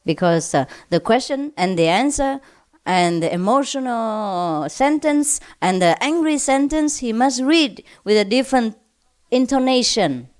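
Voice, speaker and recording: A woman spiritual teacher telling funny stories to a gathering, laughing often and pausing with "uh". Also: fairly high pitch, animated, smooth. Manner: laughs often, with frequent "uh" pauses.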